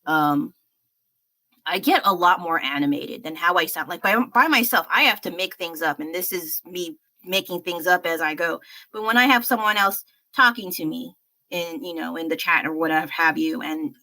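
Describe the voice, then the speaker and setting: Bright-voiced young American woman chatting. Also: on the low side, moderate pace. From United States. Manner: rambling and self-deprecating, with frequent laughs and fillers. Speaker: livestreaming artist. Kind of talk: casual livestream chat while painting.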